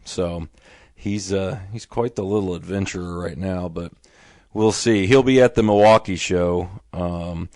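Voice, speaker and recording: A man's voice: sits low, no room sound, clean studio sound. A middle-aged man hosting a fishing talk show, rattling off event details and then chatting casually with his guests. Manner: rapid-fire announcer reading event details, then relaxed chat. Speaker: podcast host.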